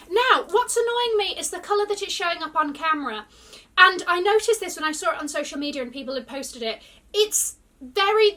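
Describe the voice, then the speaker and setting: A woman vlogger chatting excitedly through an unboxing, gasping and gushing. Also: high voice, recorded from a distance. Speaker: luxury fashion vlogger. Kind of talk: casual unboxing chat.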